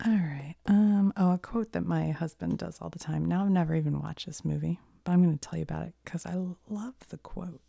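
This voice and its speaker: ASMR host, woman with a cold: dark husky half-whisper, soft and rambling. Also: lowish voice, no room sound, studio quality. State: has a cold. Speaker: ASMR creator. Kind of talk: soft-spoken ASMR chat.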